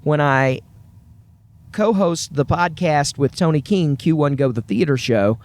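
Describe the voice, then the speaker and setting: A man's voice: fairly high pitch, unhurried, a little mellow. A man with a Southern US accent hosts his own podcast, talking alone to listeners in an earnest, upbeat, chatty way. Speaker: podcast host. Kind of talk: solo podcast monologue.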